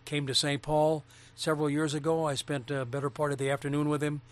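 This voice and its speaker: A man's voice: on the high side, level tone, brisk. A veteran broadcaster reminiscing earnestly about people he met during his career, in casual chat. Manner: reminiscing, earnest, with small restarts. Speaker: broadcaster and former TV interviewer.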